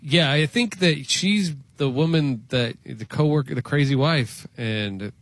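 A man's voice: fairly high pitch, unhurried, dry recording. A man co-hosting a radio talk show, blunt and matter-of-fact. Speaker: radio co-host.

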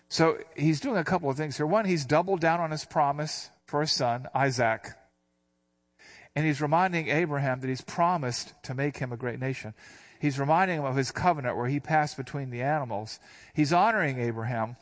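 Older man teaching the Bible casually. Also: medium pitch. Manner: reads scripture slowly, then explains in casual asides. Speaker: pastor.

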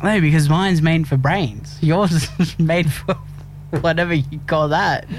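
A man's voice: fairly high pitch, a little slow, a little hiss or hum. A man, co-hosting a radio show, teasing dryly and hesitating with frequent ums. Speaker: radio co-host. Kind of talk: casual on-air banter.

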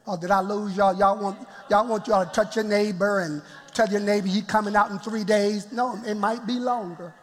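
A male pastor preaching a lively sermon in a church, often chuckling and calling out to the congregation. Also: sits high, normal speed, few pauses, soft background music. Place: church sanctuary. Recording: long church reverb.

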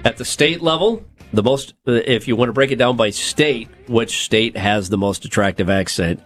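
A man's voice: mid-range voice, normal speed, soft background music. A man co-hosting a comedy podcast, reading survey results aloud and joking around. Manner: jokey, reads out survey results, breaks into silly voices and laughs. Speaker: podcast co-host. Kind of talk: casual comedic podcast chat.

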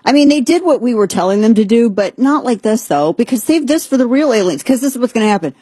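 Brief: woman host, husky and animated, sarcastic commentary, dry close mic. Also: fairly high pitch, fast talker, no echo. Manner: animated, sarcastic, often putting on an excited squeal. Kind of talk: casual political commentary.

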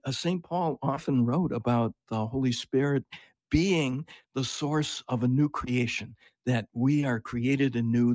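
Calm priest with a dry, close sound. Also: male voice, mid-range voice, dry recording. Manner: calm, explanatory, with hesitant fillers. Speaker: priest guest, spiritual director. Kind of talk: radio interview.

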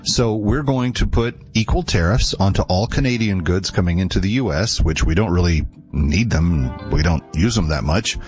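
A man's voice: sits low, lively intonation, normal speed, darkish tone, soft background music. A man from the United States giving casual, opinionated commentary in a wry, amused manner. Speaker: political commentator.

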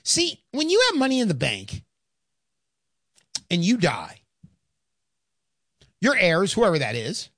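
A woman giving an emphatic, sarcastic sales pitch for investing in gold and silver. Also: huge pitch swings, slow, pauses often, fairly bright tone, dry recording, clean studio sound. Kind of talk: persuasive sales talk.

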